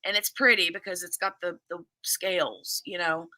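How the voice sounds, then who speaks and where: A woman with a bright, forceful voice and a Southern US accent from near Louisville, hosting a relaxed craft livestream. She chats and reads viewer comments aloud in a close, dry recording. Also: on the low side, moderate pace, dry recording. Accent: Southern US (Kentuckiana). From southern Indiana near Louisville, Kentucky. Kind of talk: casual livestream chat reading comments.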